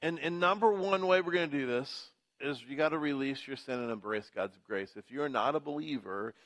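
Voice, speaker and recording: A pastor preaching a sermon in church, building emphasis through rhythmic repetition. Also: male voice, medium pitch, brisk, a bit bright.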